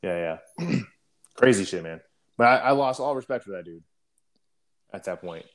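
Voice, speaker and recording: Low-voiced man telling a war story, profane. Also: animated, normal speed. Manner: profane, rambling, clears throat often. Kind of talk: casual storytelling.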